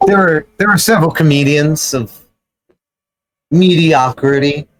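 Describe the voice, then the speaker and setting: A man's voice: fairly high pitch, unhurried, low-quality recording. A man telling a profane, rambling story as a player in a tabletop game.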